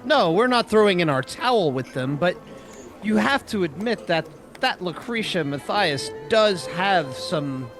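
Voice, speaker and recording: A man's voice: high-pitched, animated, a little slow, music in the background. A man playing a tabletop game, speaking earnestly in character. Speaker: player.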